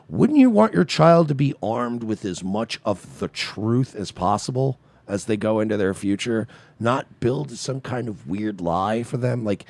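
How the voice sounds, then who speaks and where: A man's voice: fairly low pitch, darkish tone, dry recording. A man co-hosting a comedy podcast, incredulous and rambling in casual commentary. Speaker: podcast co-host.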